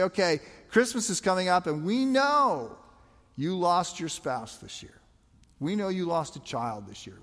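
A man's voice: on the high side, big-room sound. A man preaching a sermon as a pastor, talking conversationally with emphatic rhetorical questions.

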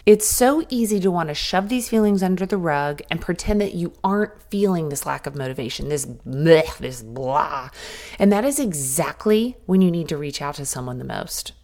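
Middle-aged woman, podcast host, candid coaching talk, very animated pitch. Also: a little fast, hardly any pauses. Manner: candid, direct, coaching the listener. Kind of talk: motivational solo podcast talk.

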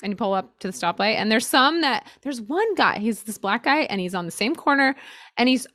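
A woman's voice: a little high, animated, fairly quick, a bit bright, dry recording, studio quality. A woman co-hosting a podcast in casual chat, bubbly and upbeat, laughing easily. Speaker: podcast co-host.

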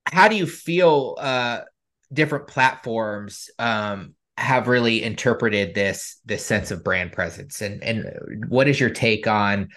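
A man's voice: on the low side, slow, fairly bright tone. A man hosting a podcast, asking long rambling questions with many hesitations. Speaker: podcast host. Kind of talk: casual podcast interview.

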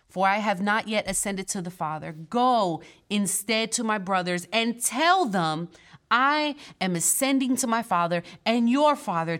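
A woman's voice: mid-range voice, a bit bright. A woman pastor preaching in a church with a mid-range voice. She talks to the congregation earnestly and conversationally, and slips playful asides in between the scripture passages. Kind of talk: sermon.

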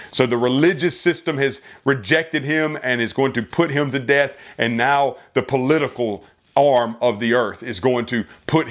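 A man's voice: mid-range voice, a bit bright. A man preaching a sermon in an earnest style, building to emphatic rising runs of phrases. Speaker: pastor.

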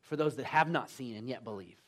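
A man voicing a calm male teacher who gently corrects a doubter, speaking softer and lower than his preaching voice. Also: a little fast, lightly acted. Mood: gentle.

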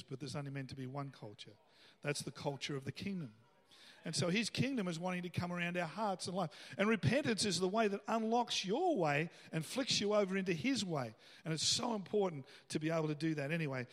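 Male pastor, high voice, casual sermon with emphatic peaks, reverberant church hall. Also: fairly bright tone. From Australia. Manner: conversational preaching, rising to emphatic bursts.

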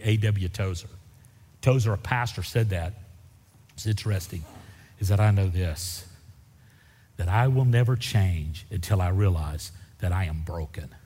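A man preaching a sermon, folksy and animated, his voice climbing sharply when he presses a point. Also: lowish voice, moderate pace. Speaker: pastor. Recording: reverberant hall.

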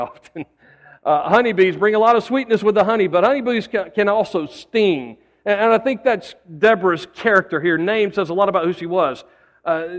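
A man's voice: high voice, in a large hall. A man preaching a sermon as pastor, telling stories with folksy asides and repeated words.

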